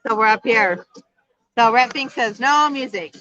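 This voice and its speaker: A chatty middle-aged woman talks with her viewers on a casual outdoor livestream, laughing easily. Her voice is bright and pitched a little high. The phone audio is dull and lo-fi. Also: animated, a little slow, no echo. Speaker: vlog co-host. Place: outdoor patio at a bar.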